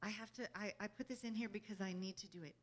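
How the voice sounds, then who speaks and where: Talking fast at a medium pitch with fairly even intonation, this woman delivers an inspirational talk to a group as a spiritual speaker. Her manner is earnest and conversational; she frequently asks "you know?" to check in with listeners and laughs easily between thoughts.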